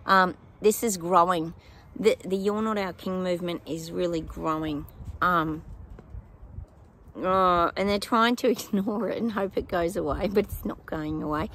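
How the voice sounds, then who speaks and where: A woman's voice: fairly low pitch, steady tone, unhurried, a bit bright, slight background noise. A woman giving psychic predictions to her viewers in a casual, chatty way, with many ums and apologetic asides.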